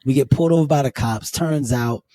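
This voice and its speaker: A man hosting a podcast, telling a profane, animated story in casual chat. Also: mid-range voice, fairly quick, no room sound. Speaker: podcast host.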